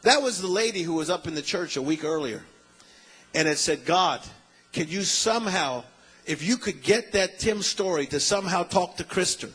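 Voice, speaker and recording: A middle-aged man preaching with a high, husky voice. He tells his story in an animated way, acting out each character's lines, and he keeps calling out to the congregation. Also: normal speed, low-quality recording. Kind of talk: sermon storytelling.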